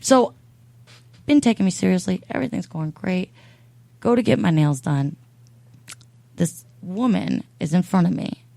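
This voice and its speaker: A woman telling a comedic story on a talk show in an animated, profane way. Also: lowish voice, unhurried, vocal fry, pauses often, no echo. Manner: animated, profane, acts out voices in her stories.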